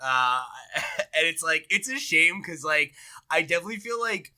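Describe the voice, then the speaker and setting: A man with a fairly high, bright voice co-hosts a casual review podcast. His pitch swings widely as he chats. He sounds animated, laughs often and swears casually. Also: normal speed, clean tone. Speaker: podcast co-host.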